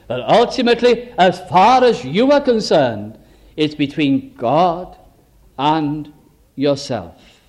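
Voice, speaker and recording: A man preaching an evangelistic sermon, emphatic, full of rhetorical questions, his voice swooping between high and low. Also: big pitch swings, slow pace, darkish tone.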